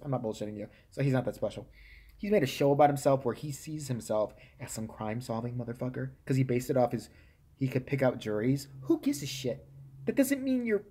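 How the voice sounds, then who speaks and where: A husky man with a medium-pitched voice rants on his live stream, heated and full of swearing. He shifts between loud, high outbursts and low, muttered asides. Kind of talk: casual ranting monologue.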